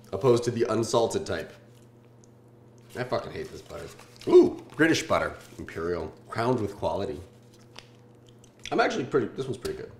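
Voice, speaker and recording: A man in his twenties from Southern California hosting a casual food-tasting vlog, joking and swearing in deadpan asides. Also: lowish voice, echoey room. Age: 20s.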